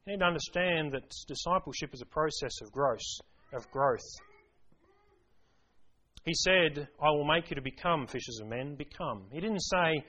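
A man's voice: on the high side, normal speed, sharp tone, muffled recording. A man preaching a sermon to a congregation, emphatic, repeating key phrases and asking rhetorical questions. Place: church service.

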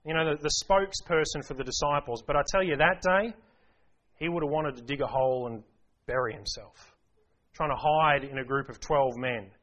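A man's voice: fairly high pitch, moderate pace, fairly bright tone, highs cut off. A man preaching a sermon to a congregation, emphatic, repeating key phrases and asking rhetorical questions. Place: church service.

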